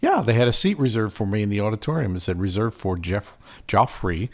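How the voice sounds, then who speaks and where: Wry middle-aged guy co-hosting from his armchair, low gravelly voice. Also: sing-song, fast talker. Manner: wry, joking, rambling asides. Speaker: podcast co-host. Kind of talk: casual chat. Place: home, sitting in armchair.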